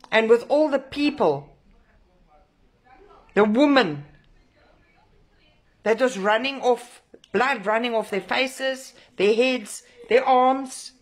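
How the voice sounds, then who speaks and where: Furious woman ranting. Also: mid-range voice. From South Africa. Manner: furious, swearing, emphatic repetition. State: emotionally shaken. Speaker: protest organiser. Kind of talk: angry direct-to-camera rant.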